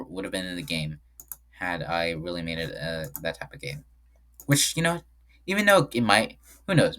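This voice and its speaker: Rambling man with a low, lively voice. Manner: rambling, frequent self-corrections. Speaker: game developer. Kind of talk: casual screen-share commentary.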